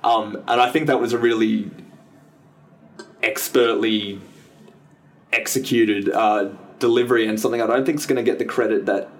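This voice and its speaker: A man's voice: lowish voice, fairly even intonation, moderate pace, long pauses. Rambling man chatting about films. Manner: rambling, self-correcting, enthusiastic. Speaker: podcast co-host. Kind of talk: casual film review chat.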